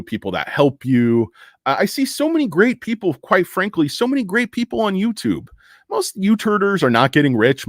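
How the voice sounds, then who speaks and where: Middle-aged American man, rambling YouTuber monologue, emotional, swearing, lots of fillers, swinging pitch, dry close sound. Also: no room sound. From United States. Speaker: stock market YouTuber.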